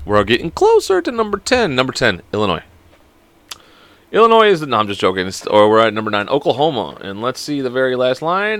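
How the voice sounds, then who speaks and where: A man's voice: medium pitch, sing-song, a little fast, sharp tone, no echo. A young man hosting a casual solo podcast, joking around, rambling and swearing a lot. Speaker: podcast host.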